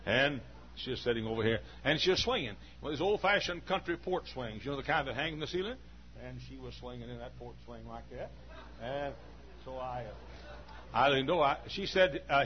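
A man's voice: medium pitch, expressive, moderate pace. Folksy preacher in his forties. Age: 40s. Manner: folksy, chatty, full of "uh" fillers. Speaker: pastor. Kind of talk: storytelling sermon. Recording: dull lo-fi recording with faint hum.

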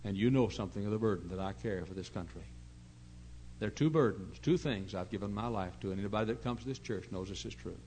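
A middle-aged man pastor preaching a sermon in an earnest storytelling way, dropping to hushed asides and rising to loud emphasis. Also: lowish voice, quick pace, a little hiss or hum, poor audio. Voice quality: gravelly.

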